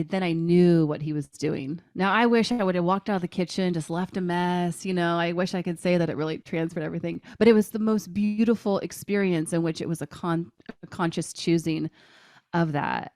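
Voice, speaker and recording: Podcast guest, woman, lower pitch, very dry close sound, animated storyteller. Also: brisk, no room sound. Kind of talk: casual storytelling.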